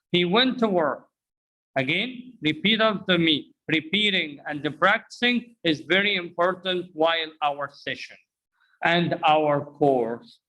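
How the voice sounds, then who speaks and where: A man with a slightly high, sharp-toned voice, heard on poor audio, teaches English pronunciation in an interactive lesson. He drills phrases, has learners repeat after him, and mixes in explanations in Arabic.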